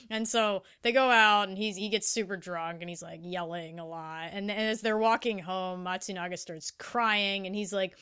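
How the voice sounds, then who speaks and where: A woman talks through anime episodes on a podcast in a relaxed, casual way. Her voice is clean and smooth, at an ordinary pitch. She gets animated and stumbles over her words, restarting often. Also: normal speed, few pauses. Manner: animated, with many fillers and restarts. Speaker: podcast co-host.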